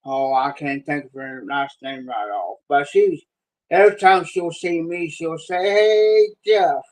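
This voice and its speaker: A middle-aged man telling a rambling, folksy story on a live stream, with pauses and restarts. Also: on the high side, fairly even intonation, low-quality recording. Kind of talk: casual spoken storytelling.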